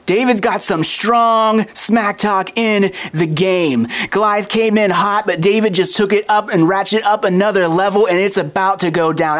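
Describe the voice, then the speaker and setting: A preacher retelling a story during a sermon. The delivery is animated and conversational, with plenty of aside remarks. The voice sits at an everyday middle pitch.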